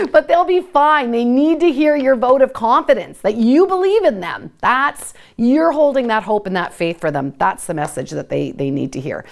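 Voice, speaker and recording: Middle-aged female host, warm parenting talk, lively sing-song delivery, speaks from experience. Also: on the high side, normal speed, vocal fry, hardly any pauses. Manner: animated, sing-song when modeling what to say to kids. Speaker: parenting educator hosting a live session. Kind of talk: live webinar talk.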